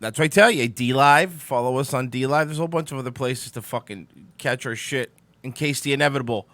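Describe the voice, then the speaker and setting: A man's voice: medium pitch, fast, fairly bright tone, no echo. A young man hosting a casual morning live stream, rambling and sarcastic, sleepy and yawning, swearing as he answers the chat. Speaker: host of a live-streamed morning talk show.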